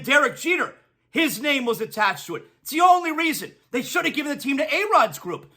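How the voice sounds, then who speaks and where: A man's voice: extremely high pitch, sharp tone. A man hosting a sports talk show, ranting emphatically and repeating his punchlines for effect. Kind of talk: opinionated sports talk monologue.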